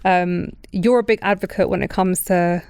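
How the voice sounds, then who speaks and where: A woman's voice: lowish voice, normal speed, clear, resonant tone, no echo, studio quality. A woman, hosting a podcast and telling her own story candidly, acting out the people in it. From Britain. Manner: candid, animated storytelling with quoted voices. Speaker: podcast host. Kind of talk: casual chat.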